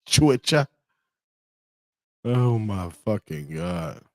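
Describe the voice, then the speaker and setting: A man's voice: lowish voice, lively intonation, normal speed, darkish tone, dry recording. A man hosting a casual show, reading memes aloud with profane, laughing amusement. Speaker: host.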